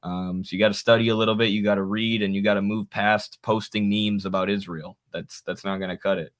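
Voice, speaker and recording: A man co-hosting a political podcast, talking casually and telling animated stories with laughs. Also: on the low side, brisk. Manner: animated storytelling, mimics others with laughs. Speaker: podcast co-host.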